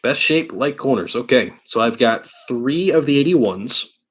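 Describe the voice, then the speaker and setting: A man's voice: mid-range voice, lively intonation, measured pace, fairly bright tone, breathy edge. A man from New York hosting a live card-break stream, chatting casually and thinking aloud while he opens packs. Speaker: livestream card-break host. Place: indoor card-break studio.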